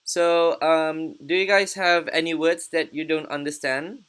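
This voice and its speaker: A woman teaching English pronunciation in an online class, patient and encouraging, repeating words slowly. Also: low voice, little pitch movement, clean tone.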